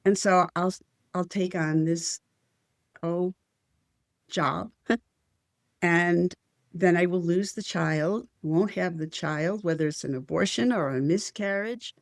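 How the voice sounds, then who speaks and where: A woman's voice: on the low side, slow, gravelly, pauses often, no room sound, clean studio sound. An older woman telling a personal spiritual story as an interview guest, earnest and heartfelt.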